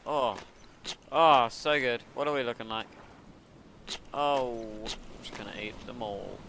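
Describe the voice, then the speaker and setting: An excitable man narrates his game in an unhurried, drawn-out way, musing to himself between sudden outbursts. His voice sits at a middling pitch. Steady background noise is clearly audible under the home recording. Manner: excitable, talks to himself, sudden yelps and laughs. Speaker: gaming video creator. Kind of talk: casual gameplay commentary.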